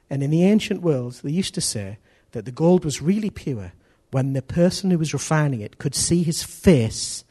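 A middle-aged man preaching a sermon in an animated way, acting out voices and swinging from loud to hushed. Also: mid-range voice, husky.

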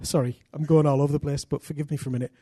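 A middle-aged man from England, preaching a sermon full of personal stories, energetic and self-deprecating with bursts of loud emphasis. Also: a little high, racing, breathy edge, no echo, clean studio sound.

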